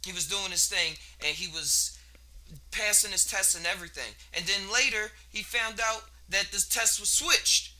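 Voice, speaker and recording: High, bright-voiced man musing casually. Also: normal speed. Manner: rambling, laid-back, slangy, laughs between thoughts. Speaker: podcast host. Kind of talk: casual solo monologue.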